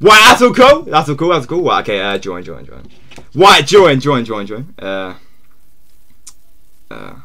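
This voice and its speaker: A man live-streaming a game, chatting to his viewers and ending nearly every phrase with "yeah?", and shouting when something surprises him. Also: medium pitch, wildly swooping pitch, a little slow, creaky, long pauses. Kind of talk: casual live gaming stream chat.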